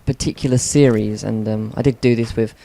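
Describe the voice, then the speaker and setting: A man talks casually over his game footage, rambling and correcting himself as he goes. His voice is low-toned and gravelly, with a mellow, dark color. A faint background hiss runs underneath. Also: fairly even intonation, fairly quick. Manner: rambling, lots of ums and self-corrections. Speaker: gaming commentator.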